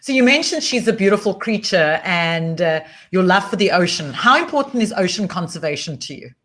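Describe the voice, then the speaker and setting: A woman's voice: lowish voice, animated, a little fast, fairly bright tone. A South African woman hosting a live interview, asking questions and giving friendly safety advice. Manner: friendly, advising, encouraging. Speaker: host, coach.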